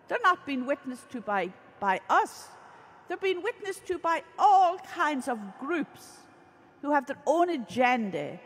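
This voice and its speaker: A woman's voice: high voice, a bit bright. A woman religious sister, giving an earnest storytelling sermon. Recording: reverberant hall.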